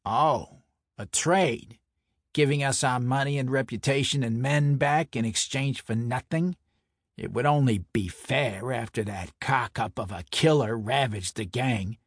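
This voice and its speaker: A man's voice: mid-range voice, no echo, clean studio sound, natural voice. A man voicing a brash middle-aged mob enforcer with a Brooklyn accent, boisterous and needling. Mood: angry. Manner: boisterous, needling, quick to anger. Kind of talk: audiobook character voice.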